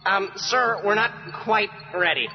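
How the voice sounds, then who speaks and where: A man's voice: sits high, animated, a little slow, faint music behind. A man voicing a bumbling alien minion in a radio comedy ad, who talks in a hesitant, apologetic way. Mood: timid. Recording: dull lo-fi, long reverb.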